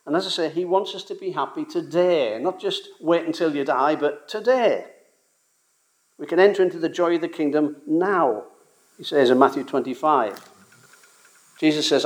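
Man, preacher, sermon, emphatic, earnest, somewhat high voice. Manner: earnest, emphatic, repeats key words.

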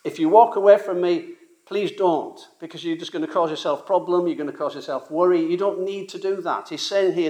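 Man, preacher, sermon, emphatic, earnest, somewhat high voice. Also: brisk, darkish tone. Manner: earnest, emphatic, repeats key words.

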